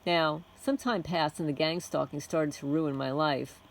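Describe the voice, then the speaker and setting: Woman host reading a testimony out loud, soft-spoken, lowish voice, keeps chuckling. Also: fairly even intonation, a little slow, poor audio. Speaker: channel host. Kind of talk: reading a written testimony aloud.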